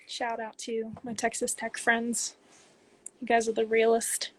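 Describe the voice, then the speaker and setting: A twenty-something Canadian pro soccer player hosts a casual livestream on her phone, reading fans' questions aloud and chatting through her answers. Her slightly high voice is completely flat and unhurried.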